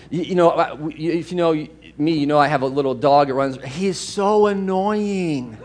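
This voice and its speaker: A man preaching a sermon as pastor in a church, animated and storytelling, at times putting on excited voices. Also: a little high, normal speed. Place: church sanctuary.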